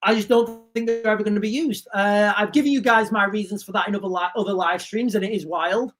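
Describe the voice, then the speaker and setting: A man's voice: high voice, brisk. A man hosting a casual livestream, reading viewer comments and rambling with frequent restarts. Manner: rambling, restarts often, animated asides. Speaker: livestream host.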